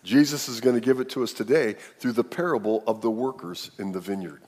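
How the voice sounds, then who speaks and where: A man's voice: mid-range voice, a little fast, a little mellow. A man preaching a sermon to a congregation, acting out the people in the story as he tells it. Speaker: pastor. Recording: long hall reverb.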